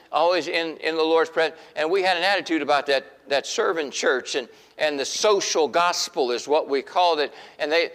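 Man, middle-aged, pastor, sermon, animated delivery, fairly high voice. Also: big-room sound. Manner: animated preaching, acts out quoted voices.

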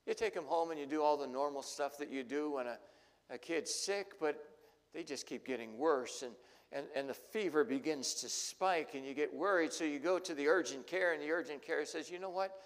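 A male pastor preaching a sermon, telling the story dramatically and swinging between loud and hushed. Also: fairly high pitch, normal speed. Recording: long hall reverb.

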